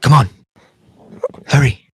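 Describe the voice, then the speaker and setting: A man voicing a gruff but kindly Cockney man who reassures a frightened girl, with a Cockney accent. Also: takes it slowly, dry recording, close to an everyday voice. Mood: soothing.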